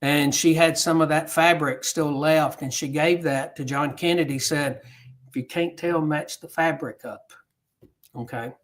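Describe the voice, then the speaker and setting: A man tells a history story to an audience in an unhurried, storytelling way. He acts out the quoted dialogue along the way. His voice sits a little higher than most men's. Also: fairly even intonation, a bit bright. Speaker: guest speaker on history.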